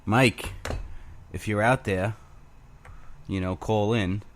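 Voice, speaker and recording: A man's voice: on the low side, fairly even intonation, takes it slowly. A man hosting his own show alone, rambling crudely with self-mocking humor. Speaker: podcast host. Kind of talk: casual solo rambling.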